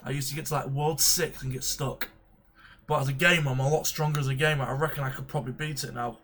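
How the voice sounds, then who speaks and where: A man's voice: mid-range voice, steady tone, fast, a bit bright. A young man chatting casually as a reaction streamer, rambling through jokey asides. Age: young adult. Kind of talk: casual chat.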